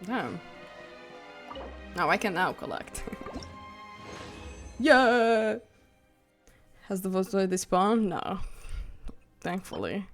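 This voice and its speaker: A woman live streaming a video game, chatting casually with her viewers, giggly and prone to excited squeals. English is not her first language. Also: fairly low pitch, moderate pace. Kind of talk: casual gaming stream chat. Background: faint game music.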